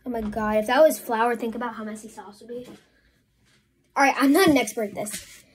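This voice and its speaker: High-voiced, chatty, flustered woman vlogger. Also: a little fast, husky. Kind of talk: casual crafting vlog. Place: home, indoors at a work table.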